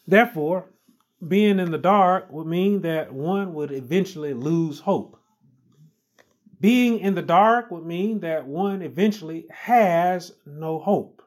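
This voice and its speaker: A man preaching a sermon, emphatic and repetitive, building stress on key phrases. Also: fairly high pitch. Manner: slow, emphatic, repeats phrases with rising stress.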